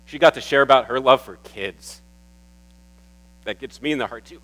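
Man preaching, tense bright voice, emotional, halting repeats, faint hum. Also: medium pitch, low-quality recording. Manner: warm, emotional, getting teary at times. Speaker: pastor. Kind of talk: sermon. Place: church.

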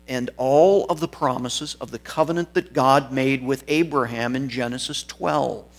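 A man preaching an expository sermon, reading scripture and stressing key words, once correcting himself mid-sentence. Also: medium pitch.

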